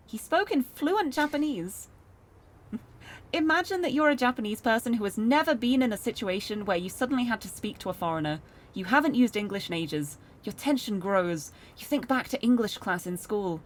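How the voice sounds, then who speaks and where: A young woman streamer reading a visual novel aloud, with animated, self-deprecating asides, over game music. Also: on the high side, moderate pace. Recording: game music playing behind.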